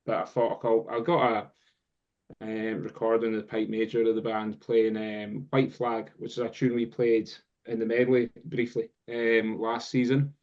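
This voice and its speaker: A Scottish man, a guest drum teacher, telling a long story in casual chat, rambling with many pauses and fillers. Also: lowish voice, level tone, darkish tone. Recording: dull lo-fi sound.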